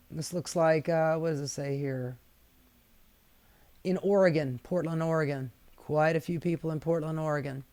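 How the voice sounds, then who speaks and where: Slow-talking sassy political commentator. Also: medium pitch. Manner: sassy, profane, laughs often. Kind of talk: casual commentary reading protest signs aloud.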